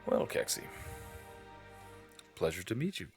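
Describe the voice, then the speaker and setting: A suave, courteous sea admiral, voiced by a man in a tabletop game, with a low, smooth delivery. Faint music plays behind him. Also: huge pitch swings, measured pace, darkish tone, exaggerated voice.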